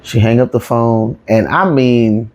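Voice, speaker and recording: A woman's voice: extremely low pitch, a little slow, a little mellow. Emphatic woman telling a personal story. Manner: emphatic, conversational, repeating for emphasis. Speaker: comedian.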